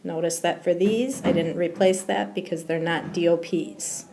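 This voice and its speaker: This woman, a Spanish teacher, works through a grammar point in a recorded slideshow, step by step and full of ums. She talks at a normal speed in a lowish, fairly even voice, with background noise behind her.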